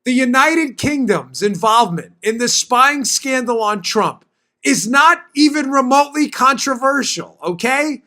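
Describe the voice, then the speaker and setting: A political talk show host speaks in a high, bright voice with lively intonation. He drives his points home, often repeating a line for emphasis, and his delivery is broken up by quick asides.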